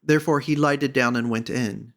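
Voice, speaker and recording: A man reading a classic storybook aloud as an audiobook narrator, in a measured, even manner. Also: mid-range voice. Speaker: audiobook reader.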